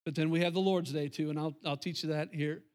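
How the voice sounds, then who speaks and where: Emphatic high-voiced male pastor. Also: fairly even intonation, fast talker, a little mellow. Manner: emphatic, repetitive, talks to the congregation. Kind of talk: sermon.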